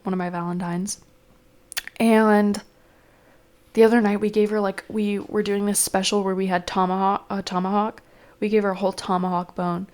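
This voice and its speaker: A woman's voice: mid-range voice, little pitch movement, normal speed, darkish tone. A young woman rambling casually to camera in a vlog, chatty and full of fillers. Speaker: vlogger. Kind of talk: casual chat.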